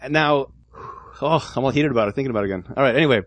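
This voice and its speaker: A man's voice: mid-range voice, rapid-fire. A man chatting casually on a podcast, telling stories with a laugh and steering the talk with questions. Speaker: podcast co-host. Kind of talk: casual chat.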